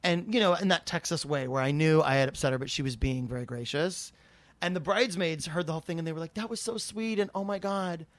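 Man, forties, comedian, rambling animated storyteller, slightly high voice, dry close sound. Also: fast, no echo. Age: 40s. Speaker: comedian co-host. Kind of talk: casual storytelling chat.

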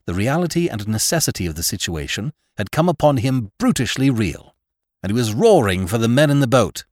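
A man's voice: mid-range voice, dry recording, studio quality. A man narrating a classic horror story as a podcast host, reading dramatically and rising and sinking with the tension. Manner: dramatic, rises and sinks with the tension.

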